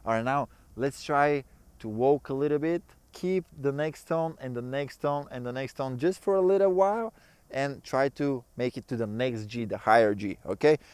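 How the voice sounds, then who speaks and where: Chatty man with a smooth voice. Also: medium pitch, moderate pace, no room sound. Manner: relaxed, chatty, non-native phrasing. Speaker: ukulele teacher. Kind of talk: casual tutorial explaining.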